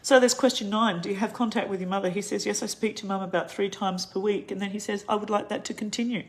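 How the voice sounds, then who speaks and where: A woman's voice: mid-range voice, steady tone, fast talker, a little hiss or hum. A middle-aged Australian woman giving an angry, impassioned monologue straight to camera, ranting with heavy emphasis. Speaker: vlogger.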